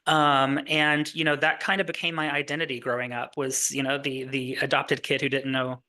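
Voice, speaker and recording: A man's voice: mid-range voice, flat delivery, moderate pace, sharp tone. A man from Kentucky, a guest in a casual interview, talking in a chatty, rambling way with many fillers and frequent laughs. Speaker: guest, musical writer.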